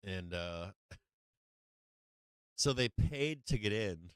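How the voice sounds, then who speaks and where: A man on a live stream spins a long personal story, full of ums, restarts and casual swearing. His voice sits low and sounds smooth and resonant. The sound is dry, with no room around it. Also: expressive, very slow, no echo. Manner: rambling with many fillers, profanity and laughter. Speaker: host of a stock market live stream.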